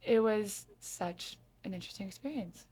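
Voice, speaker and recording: A woman from Arizona talks as a guest on a podcast in a chatty, effusive way. Her voice sits at an ordinary middle pitch. She laughs easily and strings her thoughts together loosely, full of fillers. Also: normal speed, dark tone, husky. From Sedona, Arizona. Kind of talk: casual interview chat.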